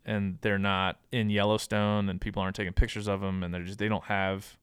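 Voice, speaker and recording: Offering casual advice as a podcast guest, a man thinks aloud with frequent ums and restarts. He speaks briskly and flatly in a lowish, clear, smooth voice, and the sound is close and dry with no echo.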